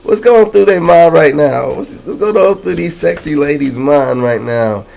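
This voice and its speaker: A man giving a casual tarot reading to his viewers, excitable and slangy, repeating catchphrases and calling out to the audience. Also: fairly high pitch, a little slow, vocal fry, slight background noise. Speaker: tarot reader.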